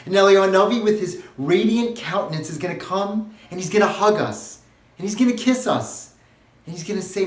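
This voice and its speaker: A man's voice: high voice, lively intonation, brisk. A man giving a short recorded sermon as a rabbi, earnest and building to impassioned, pleading questions. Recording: roomy echo, faint music.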